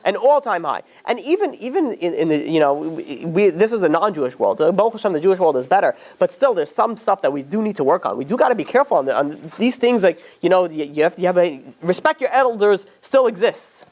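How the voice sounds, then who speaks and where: A man hosting a casual religious panel discussion, talking in an animated, rambling way with many restarts and exasperated asides. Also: high voice, fast, hardly any pauses.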